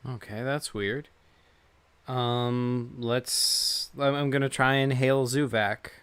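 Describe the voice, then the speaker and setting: A man's voice: mid-range voice, steady tone, takes it slowly, fairly bright tone, clear, resonant tone, no echo. A man playing a tabletop game, asking stammering, hesitant questions. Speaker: player. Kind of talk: casual tabletop game play.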